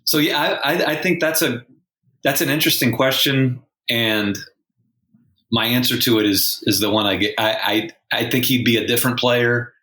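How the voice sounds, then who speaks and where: A man's voice: mid-range voice, normal speed, sharp tone. A male sportswriter co-hosting a podcast, talking in a wry, rambling way with many restarts. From San Antonio, Texas. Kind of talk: casual sports discussion. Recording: roomy echo.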